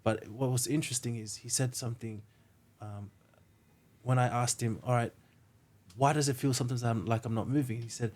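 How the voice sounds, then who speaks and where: A man's voice: mid-range voice, fairly even intonation, fairly quick, darkish tone. A man, a podcast guest, telling stories earnestly in a casual way, often saying "like". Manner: earnest storyteller, says "like" and "mate" a lot.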